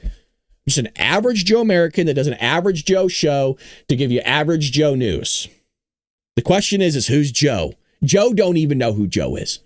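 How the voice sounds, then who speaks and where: Lively, sarcastic male political talk host. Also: a little high, normal speed, dry recording, clean studio sound. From California. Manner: animated, sarcastic, mock-dumb asides. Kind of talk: casual political commentary livestream.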